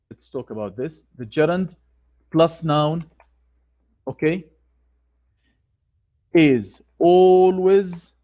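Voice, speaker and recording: Man, grammar teacher, online lecture, repeats himself, slow, slightly high voice, dull computer-mic sound. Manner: slow, deliberate, repeats key phrases.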